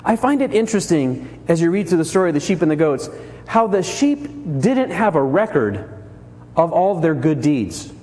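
A male pastor preaching with a high, very lively voice that swings up and down as he acts out each character. His sermon rings through a large church hall with a long reverb. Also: moderate pace. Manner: animated storytelling, acts out characters.

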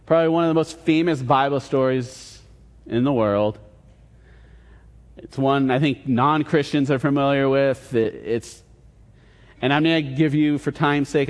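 A man's voice: mid-range voice, darkish tone. A man preaching a casual sermon, retelling a Bible story in an easy conversational way with quoted dialogue. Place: church hall. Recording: long reverb in a large hall.

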